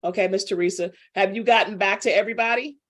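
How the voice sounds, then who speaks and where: A woman's voice: mid-range voice, fairly even intonation, quick pace. Middle-aged woman coach, playful, calls on class members by name during a live lesson. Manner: chatty, teasing, calls on students by name. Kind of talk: casual live online class.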